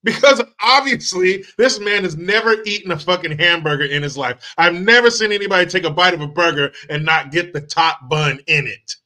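High, bright-voiced man ranting sarcastically. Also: a little fast, hardly any pauses. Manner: sarcastic, mocking, profane. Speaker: channel host. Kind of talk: ranting commentary on a clip.

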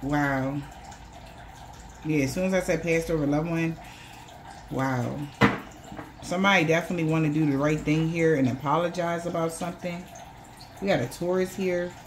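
A woman's voice: low-pitched, normal speed, long pauses, noisy background. Casual woman reading tarot cards. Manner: loose, profane, acts out quoted voices. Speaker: tarot reader.

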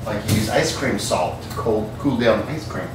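A man's voice: on the low side, lively intonation, moderate pace, noisy background. A man hosting a comedic home cooking show, rambling and swearing as he cooks after a few drinks. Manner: rambling, profane, tipsy banter while cooking. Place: home kitchen. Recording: very echoey kitchen, far from mic.

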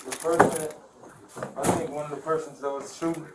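A man's voice: a little high, little pitch movement, fairly quick, very noisy. A man from Chicago telling, agitated and profane, how he was arrested and beaten. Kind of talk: casual talk in custody.

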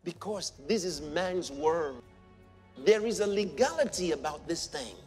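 A man's voice: a little high, expressive, measured pace, in a large hall, over music. A man preaching a sermon, impassioned and acting out the voices he quotes.

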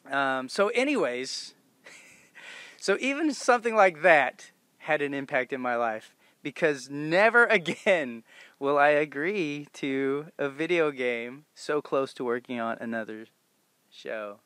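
A man's voice: on the high side, lively intonation, slow, fairly bright tone, clean tone, no room sound. A man in his forties, a voice actor, telling stories in a convention interview and laughing often as he acts out quotes. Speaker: voice actor guest. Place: convention venue.

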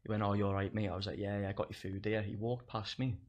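A man's voice: fairly low pitch, steady tone, quick pace. A young man, telling stories in casual chat, swearing a lot and laughing through them. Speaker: guest comedian.

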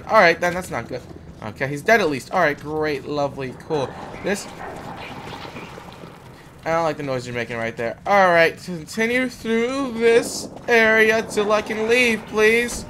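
A man's voice: fairly high pitch, moderate pace, fairly bright tone, a little hiss or hum. A young man giving let's play commentary, jumpy and sarcastic, yelping when startled. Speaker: gamer.

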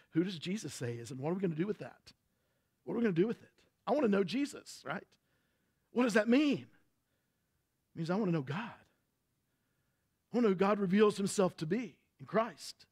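A man's voice: a little high, darkish tone, husky. A man with a Texan accent preaching a sermon as pastor, emphatic and full of rhetorical questions.

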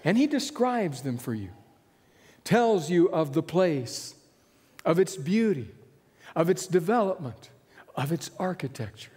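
A man's voice: fairly high pitch, big pitch swings, unhurried, pauses often, darkish tone, husky, long reverb tail. A man preaching a sermon as a pastor, telling a vivid story and chuckling often.

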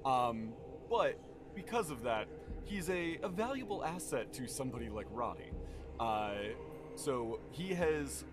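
A man narrates a tabletop game as game master, rambling along with lots of fillers and pauses. His pitch sits in the middle range. Music plays clearly underneath him. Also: very animated. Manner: rambling, full of fillers, laughs often.

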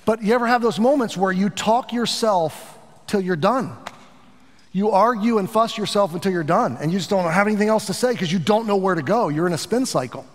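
A middle-aged pastor preaching a sermon in an earnest, animated way, with asides to his congregation. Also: high-pitched, a little fast, in a large hall.

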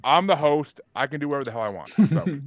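A man's voice: a little high, expressive, fast, no echo. A man hosting a podcast in casual group chat, running a bracket vote and teasing his guests with crude jokes. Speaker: podcast host. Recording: dull lo-fi call audio.

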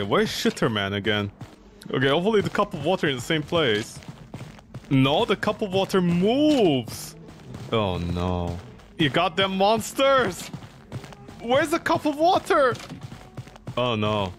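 A man streaming a horror game, excitable and joking as he yelps at what happens on screen. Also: medium pitch, unhurried. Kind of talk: let's play commentary. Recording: game music playing behind voice.

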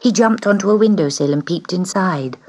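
Woman, storybook read-aloud, expressive, whispery dips, lowish, gravelly. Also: a little fast.

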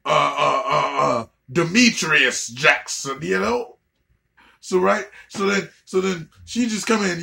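A man's voice: sits high, measured pace, vocal fry, sharp tone. A man doing a profane comedic rant, stammering and repeating words as he goes.

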